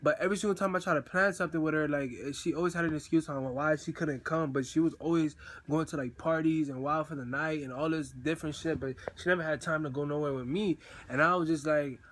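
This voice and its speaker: A man's voice: fairly high pitch, fast talker. A young man telling a personal story in a casual, slangy way, acting out the messages he sent in quoted voices. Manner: slangy, animated, acts out texts in quoted voices.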